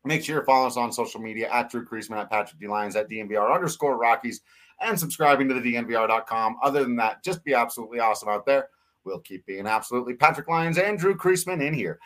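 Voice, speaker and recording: A man's voice: mid-range voice, fast, fairly bright tone. A man co-hosting a casual sports podcast, talking earnestly and getting emotional, with frequent laughs. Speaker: podcast co-host.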